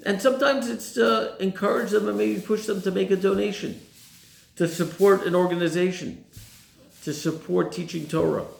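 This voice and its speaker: Rabbi guy giving a sermon, gravelly voice, keeps asking questions, echoey room. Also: high-pitched, steady tone, normal speed. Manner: poses rhetorical questions to the listeners. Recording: roomy echo.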